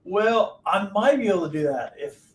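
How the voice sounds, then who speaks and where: A man's voice: high-pitched, animated, normal speed. A man, the streamer's husband, bantering off the cuff in a blunt, profane way. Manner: blunt and profane, swears freely.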